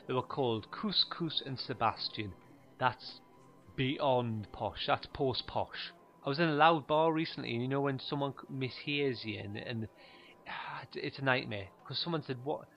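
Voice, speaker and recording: A man telling stand-up stories in a deadpan, rambling way, full of fillers. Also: medium pitch, normal speed, muffled recording, faint music behind. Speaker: stand-up comedian. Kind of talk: stand-up monologue.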